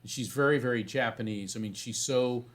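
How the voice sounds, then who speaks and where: A man being interviewed as a psychic medium, telling a story in an animated way and often restarting phrases. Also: medium pitch, brisk.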